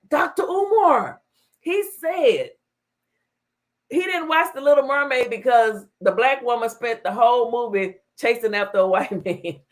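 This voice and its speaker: Sassy lady host chatting on a live stream, high voice all over the place, says it straight. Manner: animated, blunt and sassy. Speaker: talk show host. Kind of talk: casual livestream chat.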